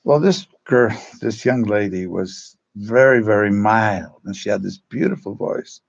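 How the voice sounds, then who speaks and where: A drama teacher tells his stories in a gravelly, husky voice. He halts and restarts, then acts out quotes in changed voices. The recording sounds dull and lo-fi. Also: on the low side, lively intonation, moderate pace, darkish tone. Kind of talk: storytelling, casual talk.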